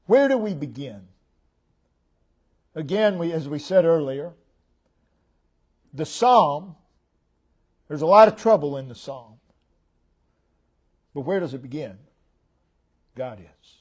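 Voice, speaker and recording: A man with an American accent delivers a sermon in a somewhat high voice. He speaks at an unhurried pace. He repeats short phrases with emphasis, rising loud and falling almost to a murmur. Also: expressive, breathy edge. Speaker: preacher.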